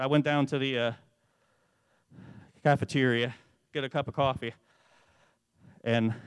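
A man giving an earnest testimony to a church, telling the story in a way that grows animated. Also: mid-range voice, clear, resonant tone, dry recording. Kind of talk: testimony sermon.

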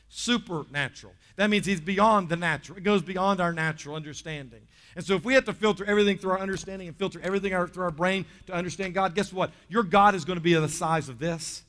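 Male pastor, fairly high bright voice, lively sermon delivery, long church reverb. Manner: lively, dropping low and soft for stories, rising loud to exhort. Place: church sanctuary.

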